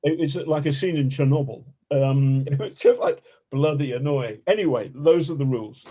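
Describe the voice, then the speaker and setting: A man, an investigative journalist, telling stories in a colorful, animated way as a podcast guest and swearing freely. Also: medium pitch, normal speed. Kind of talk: casual storytelling interview.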